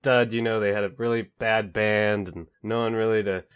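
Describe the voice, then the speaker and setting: A man's voice: on the low side, fairly even intonation, normal speed, clean tone, dull audio. A young man hosting a casual gaming podcast in an upbeat, joking way, sometimes losing his train of thought. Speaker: podcast host.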